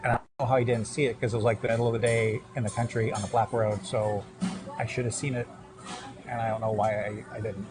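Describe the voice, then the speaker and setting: A man's voice: lowish voice, little pitch movement, fast, over music. A man chatting casually on a live stream, telling a rambling story.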